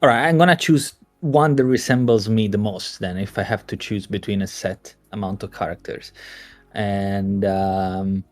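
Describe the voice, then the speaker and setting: A man's voice: on the low side, fairly even intonation, normal speed, faint music behind. A man playing a tabletop game, rambling and joking about himself. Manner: rambling, self-mocking. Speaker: player.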